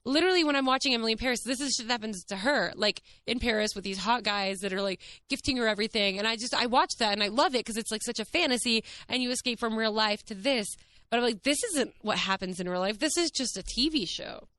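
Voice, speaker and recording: A young woman with a light drawl tells a story to her listeners as a podcast host. She talks in an excited, breathless way, full of "like" and amazed asides. Her voice is smooth and clear. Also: a little high, quick pace. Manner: gushing, excited, peppered with "like" and "what is happening". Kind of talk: casual storytelling monologue.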